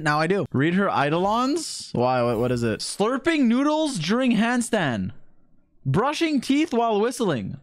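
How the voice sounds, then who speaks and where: A young man streaming games, chatting casually with his viewers, animated and quick to swear as he banters with chat. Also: high voice.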